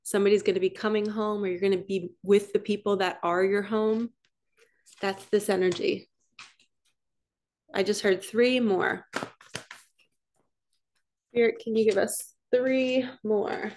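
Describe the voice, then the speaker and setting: A woman giving a casual, excitable oracle card reading as a spiritual coach, chatty with gasps of wonder. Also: medium pitch, slight background noise. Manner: chatty and excitable, frequent laughs and gasps, quick then drawn-out.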